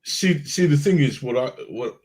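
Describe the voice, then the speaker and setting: A man co-hosts a relaxed podcast chat, stumbling over his words and repeating himself as he starts. His pitch sits in the middle for a man. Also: normal speed. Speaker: podcast co-host. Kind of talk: casual chat.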